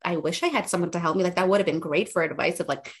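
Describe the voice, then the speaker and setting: A woman's voice: fairly low pitch, very fast, breathy edge. A young woman journalist telling her career story as a podcast guest, chatty with lots of fillers. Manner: chatty, filler-heavy, animated retelling. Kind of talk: casual interview storytelling.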